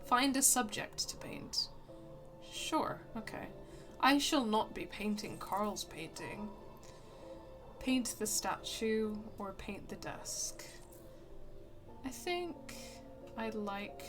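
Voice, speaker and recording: A woman's voice: mid-range voice, sing-song, very slow, pauses often, music in the background. A woman streaming a game and giving casual, wry, laughing commentary. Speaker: gameplay streamer. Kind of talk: casual let's-play commentary.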